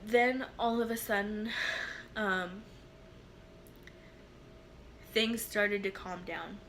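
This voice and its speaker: Slow-talking, bright-voiced young woman vlogger. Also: mid-range voice, steady tone, a little hiss or hum. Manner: emotional, halting retelling with fillers and restarts. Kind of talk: personal storytime vlog.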